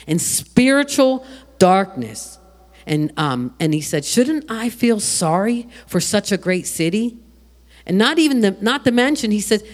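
A preacher in full sermon flow, with a lively voice that rises and falls. The delivery is animated, full of restarts and repeated words. Questions are thrown straight out to the congregation. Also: mid-range voice.

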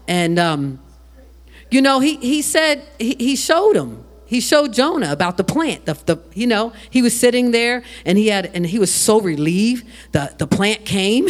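Animated preacher with a lively pitch. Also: unhurried. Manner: animated, with frequent repeated words and restarts; asks the congregation questions. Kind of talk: sermon.

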